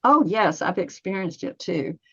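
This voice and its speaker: Woman in her fifties, podcast guest, storytelling; mid pitch, dry and slightly dull sound. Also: animated, unhurried, gravelly, bright, forceful tone, slightly rough, no room sound. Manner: storytelling, acts out her own inner dialogue. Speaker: massage therapist guest. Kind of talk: podcast interview.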